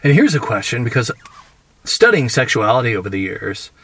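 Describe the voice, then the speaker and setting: A man's voice: mid-range voice, big pitch swings, brisk, fairly bright tone, breathy edge, no room sound. Dry, casual podcast host man. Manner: casual, agreeable, frequent affirmations. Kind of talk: conversational podcast talk.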